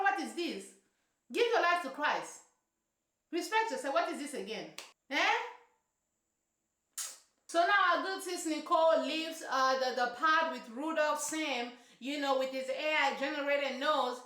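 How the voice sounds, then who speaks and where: A woman's voice: high-pitched, a bit bright. A woman reviewing a reality show in casual, sassy, emphatic commentary full of slang. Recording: roomy echo.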